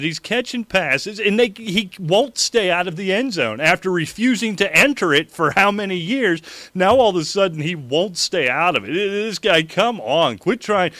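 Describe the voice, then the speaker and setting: A male fantasy sports host who rants animatedly and breaks into laughter often. His tone is bright and forward, pitched a little high. The sound is dry and close. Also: no room sound. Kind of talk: casual sports talk.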